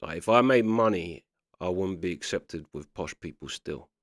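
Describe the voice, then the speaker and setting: A man's voice: deep voice, animated, normal speed, no room sound, clean studio sound. A man giving casual commentary while reacting to clips, chatty and always checking you follow him. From England. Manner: chatty, keeps asking "do you know what I mean".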